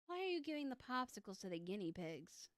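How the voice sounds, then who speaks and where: A woman's voice: mid-range voice, big pitch swings, fairly quick, dry recording. A woman in her thirties chatting casually on a live stream as a tarot reader. She rambles and teases herself, with lots of fillers and restarts. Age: 30s. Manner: rambling and self-teasing, with many fillers and restarts.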